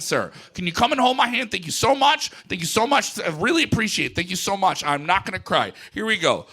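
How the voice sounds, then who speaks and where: A high, gravelly male voice with a sharp, bright edge, working a live room as a stand-up. He drops to hushed deadpan and then bursts into shouted rants. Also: a little fast, few pauses. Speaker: comedian doing stand-up bit. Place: live event venue with audience.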